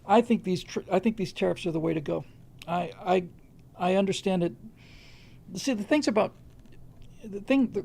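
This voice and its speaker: Gravelly guy w a mellow darker tone, chatting loosely on his stream, lots of restarts. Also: fairly high pitch. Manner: rambling, with frequent restarts and hesitations. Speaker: livestream host answering viewer questions. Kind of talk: casual unscripted commentary.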